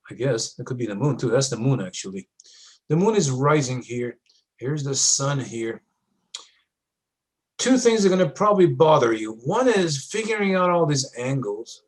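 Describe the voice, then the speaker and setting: A man's voice: medium pitch, very animated, moderate pace, long pauses, low-quality recording. A man teaching a class, talking students through moon and sun diagrams in a casual, step-by-step way with frequent checks. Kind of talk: classroom lab walkthrough.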